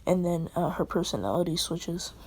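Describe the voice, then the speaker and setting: A woman casually telling a fan story, rambling and halting, often dropping to a half-whisper. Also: on the low side, animated, darkish tone, breathy edge.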